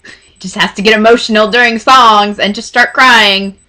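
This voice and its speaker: A woman in her twenties telling a rambling, excitable storytime to camera in casual chat. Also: mid-range voice, moderate pace. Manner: rambling, excitable, gushing fan. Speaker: vlogger.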